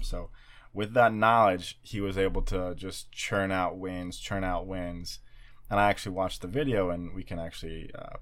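Low-voiced man telling a story. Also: a bit bright. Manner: storytelling, laughs often. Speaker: podcast co-host. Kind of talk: casual chat.

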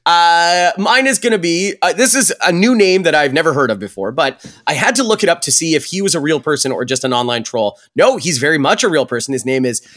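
A man's voice: fairly high pitch, expressive, brisk, hardly any pauses, a bit bright. A man co-hosting a casual sports podcast, talking in loose, filler-heavy chat that turns into mocking, profane rants. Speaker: podcast co-host.

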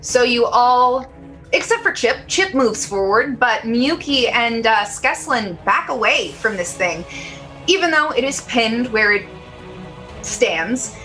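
A woman running a tabletop game as game master, describing monsters and calling for saving throws in a measured way. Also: fairly high pitch, expressive, pushed and bright, faint music behind.

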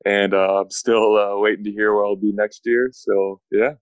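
A man's voice: fairly low pitch, flat delivery, normal speed, no room sound, dull audio. A young man in his twenties from Texas with a Texan accent, a guest talking in an easygoing, laid-back way. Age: 20s. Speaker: guest, pro basketball player. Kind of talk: casual interview chat.

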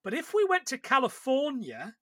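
A man with a high, bright voice tells stories in loose, rambling podcast chat. He often breaks off and restarts his sentences. The sound is dry and close, with no room around it. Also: huge pitch swings, moderate pace, dry recording. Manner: chatty storyteller, rambling with restarts and laughs. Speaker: podcast co-host. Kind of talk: casual chat about films.

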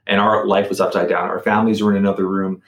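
A man's voice: low-pitched, little pitch movement, fast talker, echoey room, highs cut off. A middle-aged man telling a personal story as a podcast guest. He talks casually, repeats words and restarts sentences.

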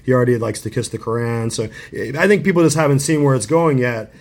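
A man with a middle-pitched voice hosts an interview conversation. He agrees readily and speaks haltingly, often restarting his sentences. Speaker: interview host.

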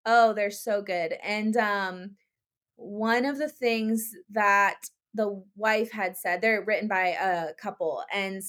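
A young woman co-hosting a podcast, chatting casually. She talks easily and often fills her sentences with little words like "like" and "you know". Her voice sits at an ordinary middle pitch for a woman. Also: fairly even intonation, slow, fairly bright tone. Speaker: podcast co-host. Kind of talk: casual chat.

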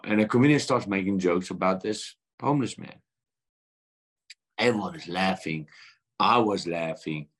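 South african man, thirties, earnest storyteller, lowish voice, acts out quotes. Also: moderate pace, long pauses, slightly rough. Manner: earnest, animated retelling with quoted dialogue. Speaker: guest boxer. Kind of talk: storytelling in a podcast interview.

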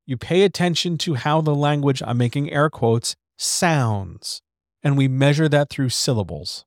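Speaking a little slowly in a somewhat high, expressive voice, this podcast host gives casual instruction on writing. The studio-microphone recording is clean with no echo. He's candid and swears liberally, with drawn-out S's and hard-hit D's and T's.

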